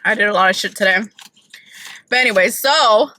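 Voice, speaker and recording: A woman's voice: mid-range voice, a little fast, pushed and bright, poor audio. A woman vlogging from her car, chatting casually and opinionatedly about celebrity gossip with lots of "like".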